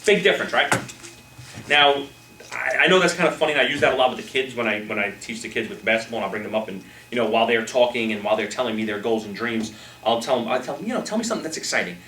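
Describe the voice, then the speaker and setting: A quick, animated man teaching a group in a meeting room, acting out how people react. He sounds far from the mic, with the room's echo around him and a faint hiss underneath. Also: mid-range voice. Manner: animated, acts out quoted reactions. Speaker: speaker leading a Toastmasters workshop. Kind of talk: live motivational talk. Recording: roomy, from a distance, faint noise.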